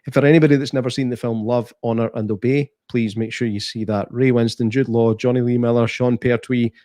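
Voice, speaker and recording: A Scottish man talks films with a mate on a podcast, eager and rambling, quick to laugh. His voice sits in a middle pitch. The sound is dry and close. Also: fairly even intonation, dark tone, no echo. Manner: enthusiastic, rambling, laughs often. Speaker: podcast co-host. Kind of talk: casual film review chat.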